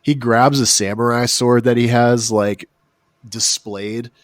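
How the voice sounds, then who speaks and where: A man's voice: medium pitch, fairly even intonation, takes it slowly, no echo. Joking american guy, podcast banter. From United States. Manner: joking, rambling, mocking asides. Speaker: podcast co-host. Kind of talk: casual chat.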